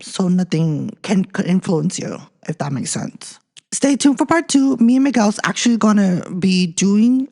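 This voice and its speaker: A woman's voice: mid-range voice, warm tone. A woman hosting a podcast, reading listener ghost stories aloud and chatting between them. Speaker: podcast host. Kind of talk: casual storytelling podcast.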